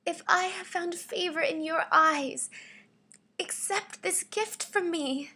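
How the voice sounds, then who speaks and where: A woman's voice: slow pace, bright, forceful tone, heavily acted. A woman voicing a meek woman pleading in a raised, imploring voice. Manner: high, imploring.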